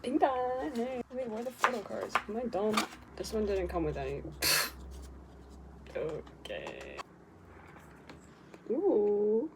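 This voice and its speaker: A young woman casually chatting through an unboxing, excitable and chatty, gasping and swearing at cute finds. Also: medium pitch, slow, vocal fry, long pauses. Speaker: vlogger unboxing K-pop merchandise. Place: bedroom with posters. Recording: home recording with audible background noise.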